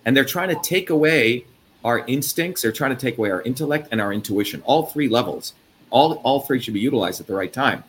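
A man's voice: medium pitch, animated, a little fast. A man from India rants in a heated, profane torrent, hammering each point with emphasis. A faint hiss of background noise sits under his voice. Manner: profane, angry, emphatic ranting. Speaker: host. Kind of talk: heated interview talk.

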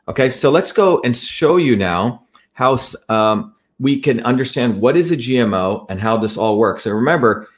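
This is a man speaking to his audience as he walks them through pages on screen. He is emphatic and accusatory, stumbling and restarting as he presses his points. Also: mid-range voice. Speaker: presenter. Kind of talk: heated talk to an online audience with screen-share.

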